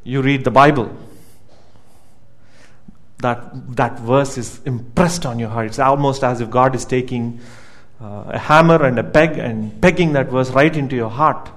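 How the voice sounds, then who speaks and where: A man's voice: medium pitch, unhurried, a bit bright. A man preaching a sermon as pastor, emphatic, repeating words as he builds each point and asking the congregation questions.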